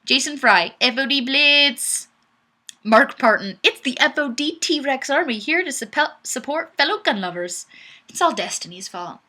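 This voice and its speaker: Her voice sits high and animated, a little slow, with a sharp tone. She's a young woman hosting a livestream from a home room, giggling and teasing herself as she reads comments aloud, recorded on a webcam mic.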